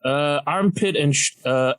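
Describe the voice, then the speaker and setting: A young Malaysian man, a comedian appearing as a podcast guest, animatedly recounts a story and acts out the doctors and nurses in it. His voice is a little high and his pace measured, on a rough recording.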